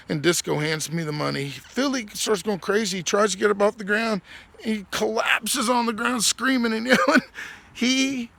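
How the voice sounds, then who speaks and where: Gravelly profane man telling stories. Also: high-pitched, expressive, a little slow, a bit bright, no echo. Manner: rambling, profane, laughs through the story. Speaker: podcast host. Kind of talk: casual storytelling monologue.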